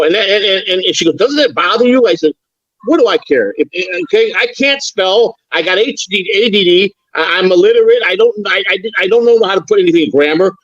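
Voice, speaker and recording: A man's voice: on the high side, no echo, lo-fi sound. Older man rambling with stammered restarts. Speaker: guest on a live stream. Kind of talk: casual chat.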